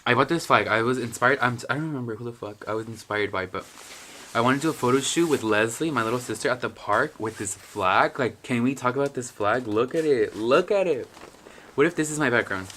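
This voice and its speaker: Bright-voiced young man vlogging, profane and self-mocking. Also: medium pitch, a little fast, slight background noise. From Mexican heritage, raised in the US. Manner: profane, self-mocking, rambling with bursts of laughter. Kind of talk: casual vlog chat. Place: bedroom at home.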